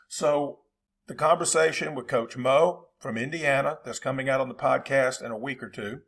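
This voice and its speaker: A man's voice: medium pitch, fairly bright tone. A man with a Southern accent, a football coach hosting his channel, talking casually and in a folksy, rambling way to his viewers.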